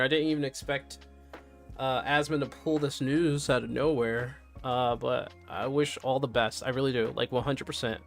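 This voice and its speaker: A man talks casually on a live stream, candid and a little subdued as he reacts to news and to messages from his chat. His voice sits at a middling pitch, with faint music playing underneath. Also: a bit bright.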